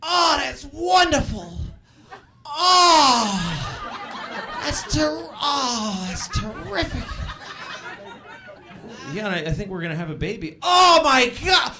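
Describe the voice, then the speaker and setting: A man voicing another man who sounds happy and in pain at once, with high, strained exclamations. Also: big pitch swings, slow, pauses often, over a noisy crowd, full character voice. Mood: pained, overjoyed.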